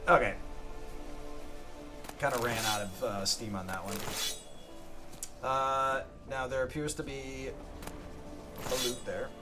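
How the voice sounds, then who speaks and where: A man streaming a game live, chatting excitedly with his viewers and yelping during tense moments. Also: medium pitch, slow pace, long pauses, music in the background. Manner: excitable, chats to viewers, yelps at the action. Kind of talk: casual live-stream gaming commentary.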